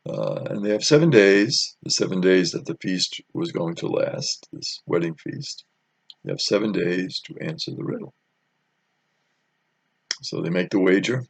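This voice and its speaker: Gravelly, deep-voiced man telling a Bible story. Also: lively intonation, a little slow, no echo. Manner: conversational storytelling with many fillers. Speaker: Bible teacher.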